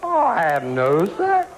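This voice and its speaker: High, lively joking game show host man. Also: slow pace, creaky, background noise. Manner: joking, teasing, calls contestants love and darling. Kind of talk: bantering game show hosting. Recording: archival TV studio with loud audience. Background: loud studio audience.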